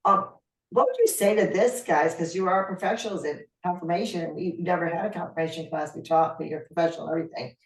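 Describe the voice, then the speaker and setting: A woman's voice: lowish voice, quick pace, far from the mic. A woman in her sixties hosting a faith podcast, asking rambling questions. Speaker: podcast host. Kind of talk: casual podcast chat. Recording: echoey room, off-mic.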